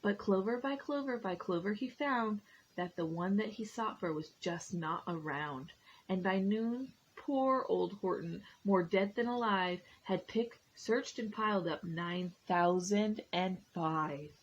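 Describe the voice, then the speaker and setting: A woman's voice: mid-range voice, measured pace, lo-fi sound, a little hiss or hum. A woman reading a picture book aloud to preschool children and asking them questions along the way. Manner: animated, asks the children questions. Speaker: preschool story time reader.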